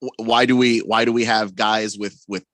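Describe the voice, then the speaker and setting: A man's voice: lowish voice, flat delivery, normal speed, a bit bright, dry recording. A man co-hosting a sports radio show, arguing back with wry, casual banter. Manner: wry, argumentative back-and-forth. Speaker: radio co-host. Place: radio studio.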